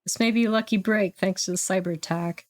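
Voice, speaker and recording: A woman voicing a businesslike police commissioner in a game, giving orders in a brisk way. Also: mid-range voice, steady tone, darkish tone, dry recording, lightly acted. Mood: briefing.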